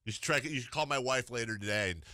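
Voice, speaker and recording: A man's voice: medium pitch, pushed and bright, no room sound. A man hosting a sports radio show in a studio, trading jokes and self-mocking banter with his co-host. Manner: joking, self-mocking, quick laughs. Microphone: studio microphone.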